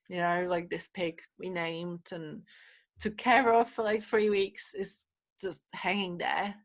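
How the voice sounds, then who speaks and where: A woman guest on a podcast, chatting casually and telling animated stories full of fillers and acted-out quotes. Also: lowish voice, measured pace. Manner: animated storyteller, many fillers, acts out quotes. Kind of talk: casual chat.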